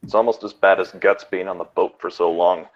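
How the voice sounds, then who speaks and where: A man with a very deep voice trades dry, laid-back remarks as a player in a tabletop game. His mic sounds dull and lo-fi. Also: fairly even intonation, brisk, over a noisy crowd. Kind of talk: casual tabletop game chat.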